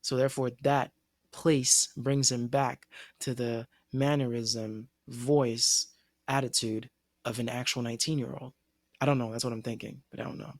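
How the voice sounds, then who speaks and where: A man's voice: medium pitch, fairly even intonation, moderate pace, dry recording, clean studio sound. A man co-hosting an anime discussion podcast, musing hesitantly and restarting his thoughts in casual chat.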